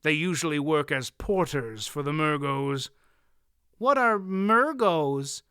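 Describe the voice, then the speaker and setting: A man's voice: a little high, lively intonation, slow, smooth, dry recording, studio quality, heavily acted. A man reading an audiobook, voicing a shrewd old man who feigns senility with a wheezy, cracking voice. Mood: guarded. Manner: quiet and terse, then doddering. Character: old male storyteller feigning feeble senility.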